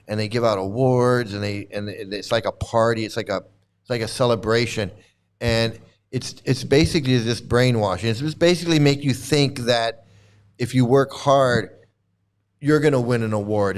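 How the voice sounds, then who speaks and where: A man's voice: medium pitch, smooth. A man giving casual reaction commentary on clips, rambling and repeating himself, laughing often.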